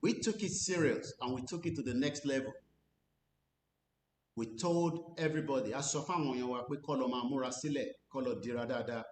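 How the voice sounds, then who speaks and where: A Nigerian man speaking as an activist commentator, switching between English and Yoruba. He talks earnestly and deliberately, pressing on key phrases. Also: a little mellow. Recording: roomy recording with faint rumble.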